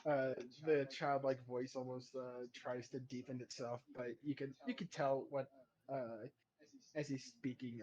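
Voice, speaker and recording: A man's voice: medium pitch, darkish tone, muffled recording. A man narrating a tabletop game as game master, loose and casual with many fillers.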